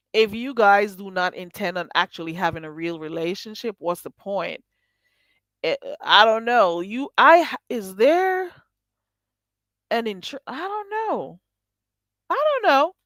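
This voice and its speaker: A woman's voice: medium pitch, dry recording. A woman hosting a casual livestream, reading and answering her viewers' chat with lots of laughter. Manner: animated, laughing, talks back to chat. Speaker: livestream host.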